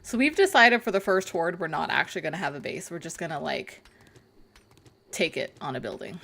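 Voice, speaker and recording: Woman, young adult, rambling, casual swearing, livestream chat, slightly low voice. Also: lively intonation, fairly quick, gravelly, a bit bright. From North America. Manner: chatty, rambling, swears casually, laughs often. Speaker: streamer. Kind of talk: casual live-stream chat with viewers.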